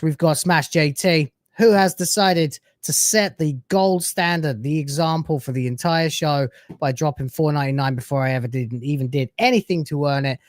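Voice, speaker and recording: A man's voice: fairly high pitch, no echo, clean studio sound. A man hosting a live stream, chatting casually with brash, sarcastic, crude banter.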